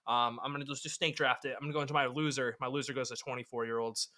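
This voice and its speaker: A young man co-hosting a casual sports podcast, talking fast with a bright, forceful tone. He rambles, swears freely and restarts his sentences. His pitch sits in an ordinary middle range. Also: fairly even intonation. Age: 20s. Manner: rambling, profane, self-interrupting. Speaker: podcast co-host.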